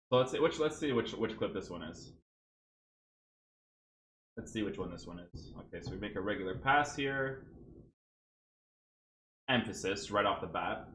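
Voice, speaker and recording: A man's voice: fairly low pitch, a bit bright, a little hiss or hum. A man commentating his own gameplay clips, exasperated and ranting, often checking in with "right?". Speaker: gaming YouTuber reviewing his own clips. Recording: echoey room.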